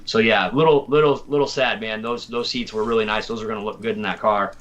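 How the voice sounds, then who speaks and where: A man's voice: on the low side, steady tone, fast, fairly bright tone, muffled recording. Rambling laid-back man hosting a stream. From Tennessee. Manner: rambling, laughing, repeats words. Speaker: host. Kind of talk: casual livestream chat.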